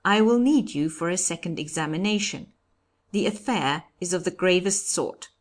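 A woman reading aloud and voicing an excitable, pompous male French judge who accuses and talks over everyone. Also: lowish voice, normal speed. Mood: blustering.

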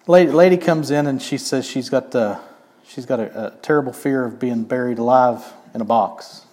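A man's voice: medium pitch, normal speed, a little mellow. A man delivering a sermon in an easygoing, conversational way. He keeps a wry edge and often turns to the congregation with questions. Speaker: pastor.

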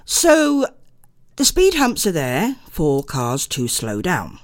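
An older woman hosting a local radio show, chatting casually and greeting listeners warmly by name, a little under the weather. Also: sits low, huge pitch swings, slow. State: unwell. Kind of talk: casual radio chat and rambling monologue.

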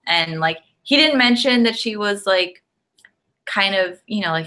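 A woman's voice: on the low side, measured pace, pushed and bright. A woman co-hosting a casual chat show, easygoing, laughing often and leaning on "like" as she talks. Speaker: podcast co-host.

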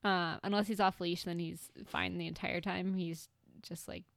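A woman's voice: lowish voice, level tone, normal speed, vocal fry, a bit bright, no room sound. A woman co-hosting a comedy podcast who chats casually, rambles and laughs often. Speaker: podcast co-host.

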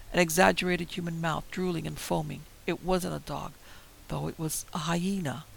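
A man tells a first-person horror story in a heavily gravelly, slightly high voice, keeping the telling dramatic and tense. A faint hiss sits under the recording. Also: fairly bright tone, low-quality recording. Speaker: narrator.

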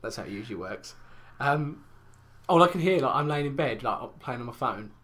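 A man's voice: medium pitch, expressive, moderate pace, fairly bright tone. A young man, telling rambling, crude stories in casual podcast chat. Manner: crude, rambling storyteller with lots of fillers. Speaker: podcast co-host.

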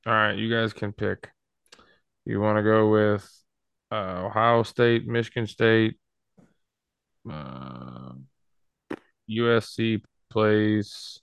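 A man's voice: on the low side, slow pace, gravelly, pauses often, smooth, no room sound. A man hosting a casual sports podcast, running through the picks in a laid-back, wry way. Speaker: podcast host.

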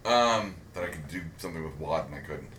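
A man's voice: extremely low pitch, animated, fast talker, fairly bright tone. A man co-hosting a casual pop-culture chat, rambling and swearing and poking fun at himself. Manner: rambling, profane, self-mocking. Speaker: podcast co-host. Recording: roomy echo with faint background hiss.

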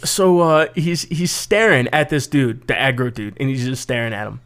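A young man telling a story on a casual podcast, swearing freely and acting out what people said in loud, raised voices. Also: moderate pace, smooth. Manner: profane, animated, acts out quotes in loud high voices. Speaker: podcast co-host.

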